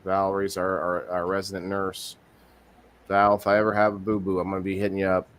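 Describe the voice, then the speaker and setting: A man's voice: sits low, monotone, brisk, fairly bright tone. A man hosting a casual live-stream podcast, rambling with many restarts and reading viewer comments aloud. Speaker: podcast host.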